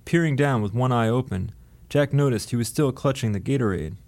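Male audiobook narrator, steady, dry delivery, middle pitch. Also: brisk, vocal fry.

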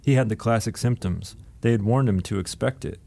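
Steady male audiobook narrator. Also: fairly low pitch, brisk, gravelly.

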